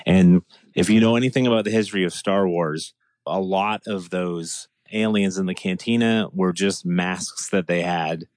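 Deep-voiced man in enthusiastic casual chat. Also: normal speed, a little mellow, dry recording. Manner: enthusiastic, rambling with restarts and laughs.

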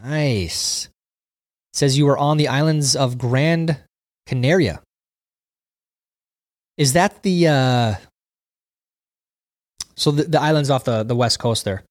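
A man's voice: mid-range voice, takes it slowly, long pauses, dry recording, clean studio sound. Chatty man reading viewer comments. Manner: chatty, reads viewer comments aloud and riffs on them. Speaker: livestream host reading chat. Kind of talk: casual chat.

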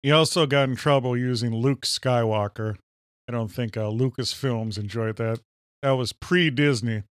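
A man from Minnesota with a Minnesotan accent, co-hosting a podcast in casual banter, full of deadpan jokes. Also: mid-range voice, normal speed, clean tone, no room sound, clean studio sound. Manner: jokey, deadpan asides. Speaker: podcast co-host.

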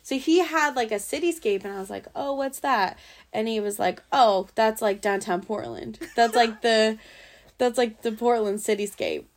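A woman's voice: a little high, lively intonation, moderate pace. Young woman rambling thru a date story on a podcast, lots of "like", swears, laughs at herself. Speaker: podcast guest. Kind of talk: casual storytelling chat.

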